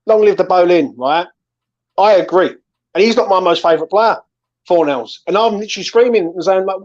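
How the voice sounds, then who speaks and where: Ranting football fan. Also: male voice, high-pitched, animated, brisk, darkish tone. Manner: ranting, swearing, keeps saying "right?" and "mate". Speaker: fan channel host. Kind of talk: angry post-match fan chat. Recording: slightly dull lo-fi sound.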